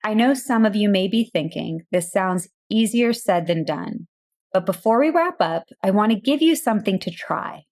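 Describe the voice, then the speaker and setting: A woman hosting a coaching podcast, speaking in a calm, direct scripted monologue with rhetorical questions. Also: medium pitch, normal speed. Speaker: burnout and boundaries coach, podcast host.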